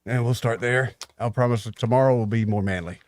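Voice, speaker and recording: A man's voice: medium pitch, a little fast, dry recording. A man co-hosting a radio talk show, good-natured and self-mocking in casual banter. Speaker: radio co-host.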